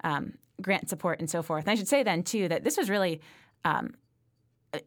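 A woman's voice: fairly low pitch, lively intonation, moderate pace. A woman hosting an interview, asking long, winding questions with many fillers. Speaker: interviewer host. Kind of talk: conversational interview.

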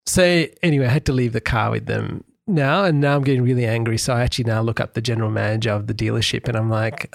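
Podcast co-host, middle-aged, gravelly voice, dry close sound, animated storyteller. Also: male voice, medium pitch, quick pace, no echo. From Australia. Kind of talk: casual chat.

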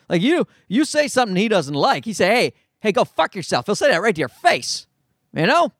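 A middle-aged man rants in a casual monologue, his voice high and swinging widely up and down. He swears freely and sounds exasperated. The sound is close and dry, with no room around it. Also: a bit bright, dry recording. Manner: profane, exasperated ranting. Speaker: comedian.

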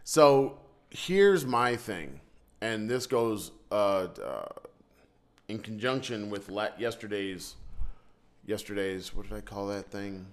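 A man who works abroad, talking in casual chat in a rambling, halting way with many restarts. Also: lowish voice, lively intonation.

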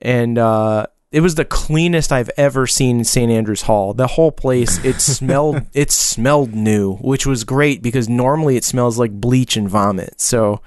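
A man's voice: mid-range voice, normal speed, hardly any pauses, a little mellow, clean tone, dry recording. A man in his forties chatting casually on a podcast, telling a rambling story with lots of fillers and restarts. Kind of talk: casual chat.

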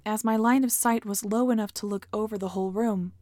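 A woman hosting a podcast, reading a scripted horror story in a steady, measured way. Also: mid-range voice. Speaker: podcast host and narrator.

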